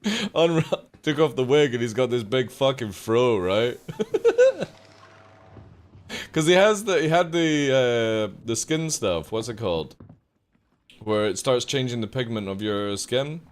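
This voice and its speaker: A man's voice: mid-range voice, lively intonation, measured pace. A young adult man streaming a game live, chatting casually with his viewers, joking and swearing freely. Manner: profane, joking, talks to chat. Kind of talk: casual live gameplay chat.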